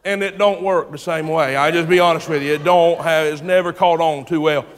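A man preaching a sermon, telling a story in a relaxed way, acting out its voices and building to shouted preaching. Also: fairly high pitch, brisk. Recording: long hall reverb.

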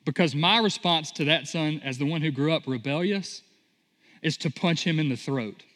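A man preaching in a church sanctuary, his fairly high voice carrying a long reverb through the room. He tells the story with energy and drops into acted-out voices for the characters. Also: moderate pace. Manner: animated storytelling, acting out voices in quotes. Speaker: pastor. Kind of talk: sermon.

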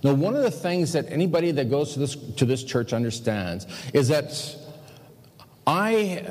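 A man's voice: mid-range voice, a little mellow, big-room sound. A male pastor preaching a practical sermon in a conversational way, asking the congregation rhetorical questions. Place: church sanctuary.

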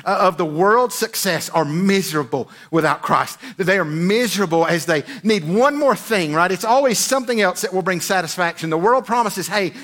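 A man preaching a sermon as a pastor. He speaks earnestly, keeps asking "right?", and lets his phrases sink low at the ends. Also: lively intonation, moderate pace, few pauses, a bit bright.

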